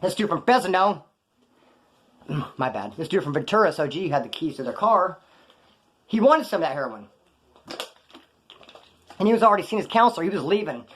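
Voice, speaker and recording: A man's voice: high-pitched, lively intonation, normal speed, long pauses, a bit bright. A man casually recounting his prison days in slangy, profane street talk, rambling and correcting himself as he goes. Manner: loose, digressive, corrects himself mid-story. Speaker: former prisoner telling stories. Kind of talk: casual storytelling monologue.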